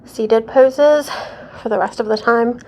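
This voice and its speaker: A woman with a somewhat high voice leads a casual yoga class at home, slowly calling out poses. She is out of breath and sighs between her cues, chatting in a self-deprecating way. A faint hum sits behind her. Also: a little mellow. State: out of breath and sweaty. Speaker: yoga instructor.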